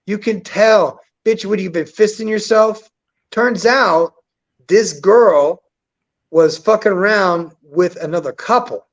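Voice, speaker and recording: A man with a high voice tells a story in blunt, profane, casual chat. He acts out quotes with a lot of energy. The recording sounds dull and lo-fi. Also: takes it slowly.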